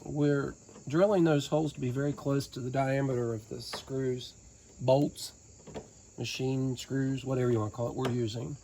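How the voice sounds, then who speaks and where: Country guy w/ a southern appalachian twang doing a diy boat fix outside, mellow low voice, jokey, faint crickets behind. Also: fairly even intonation, normal speed, gravelly, a little hiss or hum. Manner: folksy, joking, talking to viewers while working with his hands. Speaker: DIY boat-repair vlogger. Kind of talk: casual how-to narration while working. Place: outdoors beside a boat on the ground.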